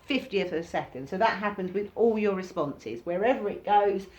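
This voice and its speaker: A woman giving an informal recorded workshop lesson, talking casually and acting out reactions in sudden high bursts. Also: expressive, moderate pace, a little mellow, dull audio. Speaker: workshop teacher.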